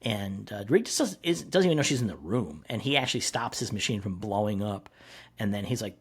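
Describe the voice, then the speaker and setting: A man co-hosting a casual comic-book podcast. His voice is slightly husky and swings widely in pitch as he retells scenes. He swears freely and acts out the characters' quotes. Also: animated, a little fast. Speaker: podcast co-host.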